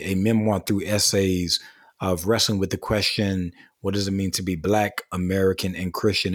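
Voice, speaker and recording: A man speaking as a guest author in a casual interview, earnest, building long lists with rising emphasis. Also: low-pitched.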